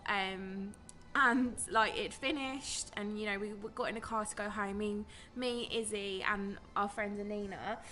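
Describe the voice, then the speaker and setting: A woman's voice: medium pitch, steady tone, unhurried, sharp tone. A young British woman chatting casually to camera as a vlogger, telling stories in a rambling way. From Britain. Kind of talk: casual vlog chat.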